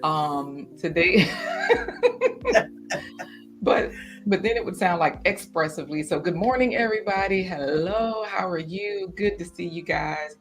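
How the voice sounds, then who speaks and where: A woman hosting a garden livestream in casual chat, animated and chatty, breaking into laughter often. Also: on the low side, unhurried, faint music behind.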